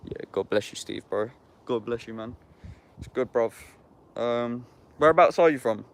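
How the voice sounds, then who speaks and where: A young man chats casually to his livestream audience. His talk is loose and slangy, full of swearing and bruv. His voice sits at an ordinary mid pitch. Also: moderate pace. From Epsom, England. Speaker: YouTuber talking to viewers.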